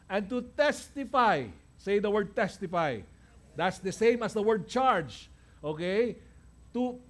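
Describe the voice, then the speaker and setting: High-voiced Filipino-accented male pastor. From Philippines. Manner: mixes Tagalog and English, keeps checking in with the congregation; emphatic, repeats key lines. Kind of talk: sermon. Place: church.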